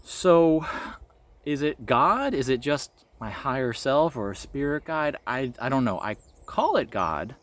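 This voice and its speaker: A man's voice: mid-range voice, expressive, unhurried, fairly bright tone. A man vlogging about his spiritual experiences, telling a personal story in an earnest, reflective way with light laughs.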